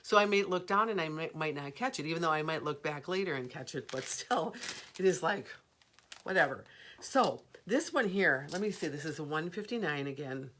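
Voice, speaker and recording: A woman's voice: sits low, lively intonation, normal speed, fairly bright tone, slight background noise. A middle-aged woman hosting a live jewelry sale, chatting, rambling and laughing easily as she shows each piece. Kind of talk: live shopping stream chat.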